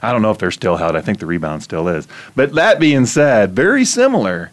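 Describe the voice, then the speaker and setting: A middle-aged man from Iowa, hosting a casual conversation and telling stories with animated laughter. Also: fairly low pitch, fairly quick. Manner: animated storytelling, laughs often. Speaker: host.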